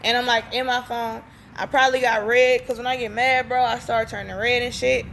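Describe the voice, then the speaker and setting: A woman's voice: a little high, a little fast, creaky, slight background noise. A young woman telling a story casually, blunt and profane, acting out the dialogue as she goes. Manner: blunt, profane, animated retelling with quoted dialogue. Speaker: storytime vlogger.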